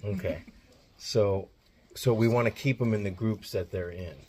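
A man's voice: lowish voice, measured pace, mellow. A man hosting an animal rescue vlog, talking earnestly and explaining animal care as he goes. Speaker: host of animal rescue channel. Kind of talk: casual on-location vlog chat.

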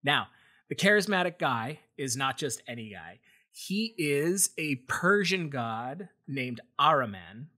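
Husky, bright-voiced man telling a story. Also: medium pitch, big pitch swings, takes it slowly. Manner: rambling, many restarts and fillers, voices characters in quotes. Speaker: podcast co-host. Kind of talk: casual storytelling chat.

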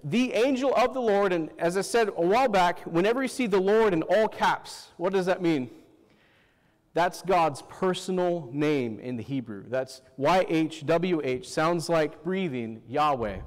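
A man's voice: high-pitched, a little slow, long reverb tail. A man preaching a sermon as a pastor, often asking the congregation questions and saying "Amen".

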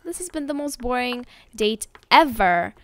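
A young woman giving casual gameplay commentary, excitable and gushing as she talks to her viewers. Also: a little high, normal speed. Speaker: gaming video host.

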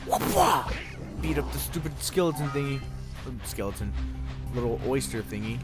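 A young man giving casual, rambling gameplay commentary, swearing and getting excited, over game music. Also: medium pitch, fairly quick. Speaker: let's play gamer. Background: video game music.

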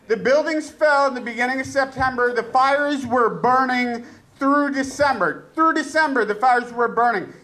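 A male stand-up comedian performing a live set, ranting and sarcastic, jumping between loud outbursts and low mutters. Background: audience laughter.

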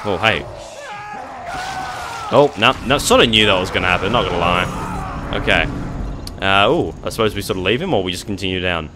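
A young man giving jokey, excitable gameplay commentary, talking back to the monsters on screen. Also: lowish voice, noisy background. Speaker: let's play gamer.

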